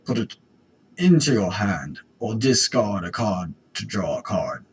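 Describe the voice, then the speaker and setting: A booming male mushroom creature, as a man puts him on, drawing every word out slowly. The voice is low and gravelly with a husky edge. It sounds like a lumbering creature from a tabletop game. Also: very animated, full character voice. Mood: ominous.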